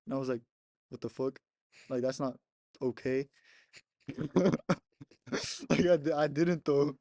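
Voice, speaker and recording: A man's voice: medium pitch, measured pace, mellow, no echo, studio quality. A young man casually telling a rambling story on a podcast, laughing often and swearing between many "like" fillers. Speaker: podcast co-host.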